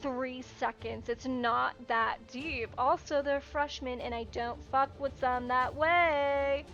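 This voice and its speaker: A man's voice: very high voice, fairly even intonation, slow pace, pushed and bright, dull audio, soft background music, full character voice. A woman voicing a tall, flamboyant young man who is dismissive and swears in a tabletop game.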